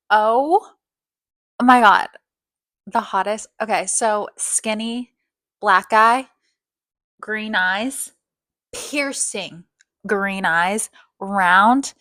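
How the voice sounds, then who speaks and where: A woman's voice: a little high, a bit bright, no echo. A woman casually telling a story, rambling with constant fillers and swearing. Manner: rambling, heavy filler "like", profane.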